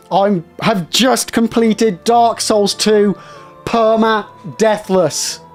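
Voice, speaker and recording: Casting: young male streamer, high voice, thrilled and still shaking from a victory, faint music underneath. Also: a little mellow. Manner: elated and jittery, talking to chat in bursts. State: shaky with nerves after a win. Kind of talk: excited live-stream chat.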